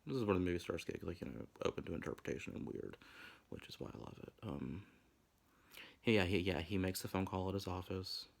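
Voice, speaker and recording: A young man in his twenties, a vlogger, talks fast through a casual, rambling commentary full of crude, campy, profane asides. His voice sits low with a gravelly fry.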